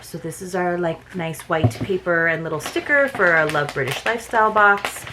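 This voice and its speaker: A woman's voice: lowish voice, a bit bright, a little hiss or hum. A woman hosting an unboxing vlog, talking in a chatty, casual way with frequent "uh" fillers. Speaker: unboxing channel host.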